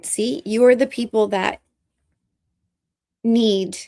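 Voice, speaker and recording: Earnest woman with a gravelly edge. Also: on the high side, steady tone, dark tone. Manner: earnest, halting, emotional. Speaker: vlogger. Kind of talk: casual commentary vlog.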